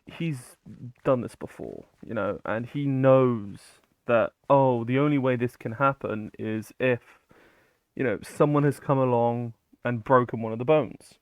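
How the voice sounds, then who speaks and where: Male storyteller, unhurried delivery, dry close sound, rambling, filler-heavy, casual swearing. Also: medium pitch, smooth, no echo, highs cut off. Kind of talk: casual retelling of a myth.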